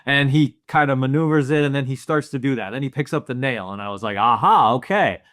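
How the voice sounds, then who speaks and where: A man co-hosting a movie podcast, chatting in a relaxed way and acting out his own reactions. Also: mid-range voice, fast talker, no echo, clean studio sound. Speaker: podcast co-host. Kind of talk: casual movie podcast chat.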